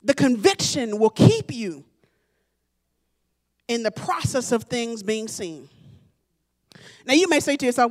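A woman pastor preaching a sermon, calling on the congregation to respond and rising into shouts. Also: on the high side, lively intonation, a little slow, pauses often.

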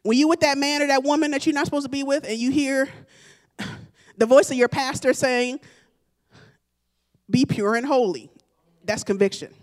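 Woman pastor, high-pitched, preaching a sermon and building to shouts. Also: steady tone, brisk. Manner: preaching with call-and-response, rising to shouts.

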